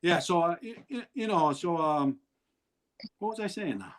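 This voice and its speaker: A man's voice: high-pitched, expressive, moderate pace, rough recording. A middle-aged man, a guest on a video-call interview, telling rambling, blunt stories and laughing through them. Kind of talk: candid storytelling in an interview.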